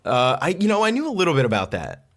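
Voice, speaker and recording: A man's voice: a little high, quick pace. A young man co-hosting a podcast, chatting casually with lots of "um" and "like". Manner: relaxed, filler-heavy chatter with laughs. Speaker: podcast co-host. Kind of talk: casual chat.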